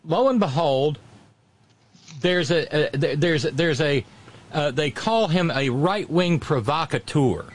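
Southern-accented radio host, man, fairly high voice, lively swings in pitch, salty and restless. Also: unhurried. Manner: profane, animated, repeats words when starting. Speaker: radio talk show host. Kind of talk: political talk radio.

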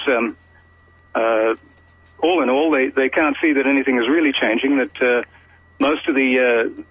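An Australian man phones in to a radio show, speaking in halting fits with many fillers. His voice is somewhat husky. The audio is dull and lo-fi, like a broadcast. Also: mid-range voice, dry recording. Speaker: caller.

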